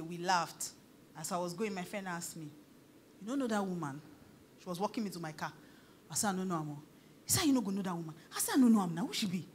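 A middle-aged Nigerian woman pastor preaching in a lively storytelling way, slipping into pidgin phrases and laughing often. Her voice sits at an ordinary pitch for a woman, with faint noise behind her. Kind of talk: sermon.

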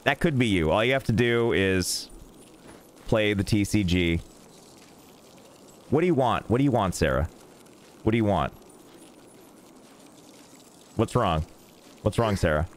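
Joking low-voiced male streamer. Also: a little slow, long pauses, a little hiss or hum. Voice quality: jokey, rambling, deadpan asides. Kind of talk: casual gameplay streaming. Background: faint game music.

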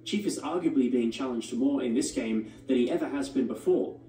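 Brief: male narrator, mellow tone, scripted essay read, distant echoey playback with faint music. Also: medium pitch, a little fast. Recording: played through speakers, echoey and distant.

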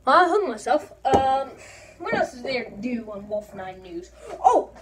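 A very high-pitched woman chatting unhurriedly over her game, rambling and goofy, with her voice bouncing up and down. She sits back from the microphone with a faint noise in the background. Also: sing-song, a little slow, distant mic. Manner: rambling and goofy, full of ums and uhs. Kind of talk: casual game commentary.

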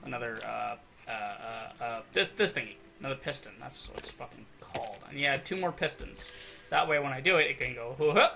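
A young man giving excitable, swear-filled let's-play commentary, talking to himself as he builds in a game. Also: mid-range voice, brisk, creaky, a little hiss or hum. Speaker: gaming video creator.

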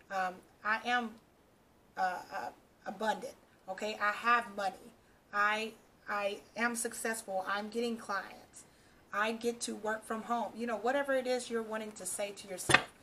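A woman's voice: mid-range voice, steady tone, a little fast, sharp tone, a little hiss or hum. A woman doing a casual tarot reading for her channel, talking straight to the viewer and reassuring them, often checking in with "okay" and "all right". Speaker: tarot reader.

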